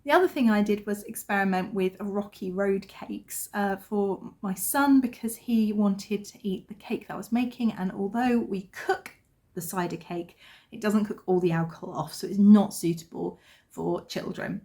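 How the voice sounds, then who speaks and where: A woman's voice: mid-range voice, normal speed, warm tone. Woman in her thirties, casual vlog chat, storytelling, self-deprecating, chatty. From England. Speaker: vlogger.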